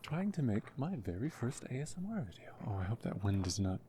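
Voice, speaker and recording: A man making his first ASMR video, talking in a soft, half-whispered voice that is hushed and self-mocking, and often apologizing. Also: lowish voice, very animated, brisk, background noise. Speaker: ASMR creator.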